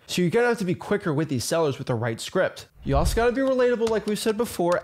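A man coaching real estate wholesalers, talking in a blunt, emphatic and repetitive way with casual slang. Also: fairly high pitch. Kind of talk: direct-to-camera teaching monologue.

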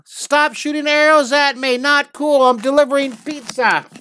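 A man voicing a frightened, indignant pizza delivery guy in a high, squeaky cartoonish voice. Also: fairly even intonation, moderate pace, pushed and bright, slight background noise.

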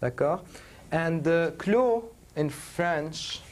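A man's voice: fairly high pitch, expressive, drawn-out words. A man teaching a university French class, mixing English and French and checking in with his students.

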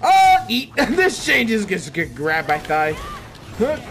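Excitable man reacting to a fighting game. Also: on the high side, unhurried. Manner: excitable, reacts loudly to the fight with gasps and laughs. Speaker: let's player. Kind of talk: casual gameplay commentary.

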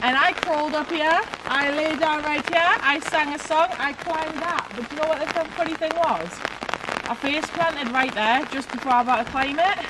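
A young woman with a high voice chats and jokes about herself while vlogging beside a lake. She talks straight to a handheld camera. Loud rain and passing vehicles fill the background. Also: normal speed. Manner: chatty, self-mocking storyteller. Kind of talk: casual vlog chat. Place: outdoors by a lake. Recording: loud outdoor rain and traffic noise.

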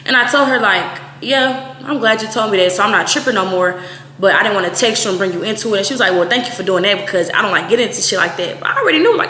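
Bright-voiced young woman in an echoey room. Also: mid-range voice. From Texas. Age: 20s. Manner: blunt, profane, animated retelling with quoted voices. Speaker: vlogger. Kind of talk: casual storytime. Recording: echoey room, faint noise.

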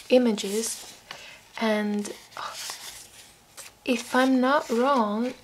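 A woman with an Italian accent, a craft vlogger with a sore throat, chatting softly as she shows off mail she received and sometimes drops to a whisper. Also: fairly high pitch, a little hiss or hum. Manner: soft-spoken, drops to whispers, apologetic asides. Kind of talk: casual show-and-tell chat.

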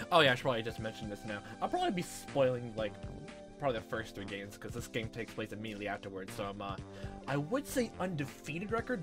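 A man giving rambling, joking casual commentary while playing through a story game. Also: mid-range voice. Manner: rambling, filler-heavy, joking. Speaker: let's-play host. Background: game music.

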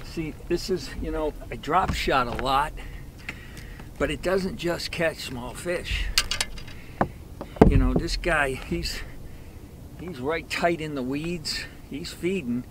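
A man narrating his fishing trip from a boat in a relaxed, easygoing way, sometimes talking to the fish he catches. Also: fairly high pitch. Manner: slow, easygoing, talks to the fish. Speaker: fishing vlogger. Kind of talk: casual on-the-water narration. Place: on a boat on a river. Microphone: action camera. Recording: boat and water noise.

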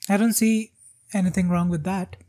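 A man's voice: sits high, fairly even intonation, moderate pace, dark tone. A man doing jokey, swearing commentary while playing a horror game. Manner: jokey, swearing, mock-scared. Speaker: gaming streamer. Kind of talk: let's play commentary.

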